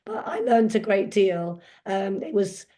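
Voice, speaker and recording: Croaky woman telling stories. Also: medium pitch, lively intonation, a little slow, dark tone. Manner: candid, anecdotal storytelling. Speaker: podcast guest. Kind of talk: casual interview.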